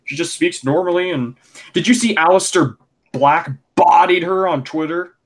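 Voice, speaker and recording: A young man co-hosting a casual wrestling podcast, rambling and animated, full of fillers. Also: on the high side, normal speed. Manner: chatty, rambling, animated opinions with lots of fillers. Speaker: podcast co-host.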